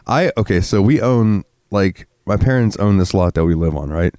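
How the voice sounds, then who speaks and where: A sick Florida man co-hosting a podcast talks in a low, warm, animated voice at normal speed, captured as clean studio sound with no room noise. The conversation is casual; he rambles, swears a lot, and gets riled up when ranting.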